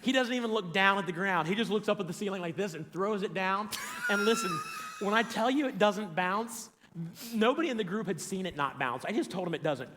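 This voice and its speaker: A man with a somewhat high voice tells a comic story in a casual, animated way. He acts out the other people's lines and breaks into laughter often. He is recorded in a large, empty church auditorium with a long reverb. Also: brisk, slight background noise. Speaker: church show co-host.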